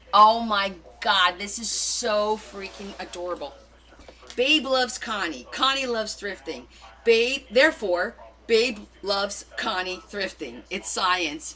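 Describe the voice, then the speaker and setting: A woman hosting a casual live craft stream, gushing and excitable as she opens gifts and reads notes aloud. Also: mid-range voice, a little slow, a little hiss or hum. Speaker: craft livestream host. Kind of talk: casual live unboxing chat.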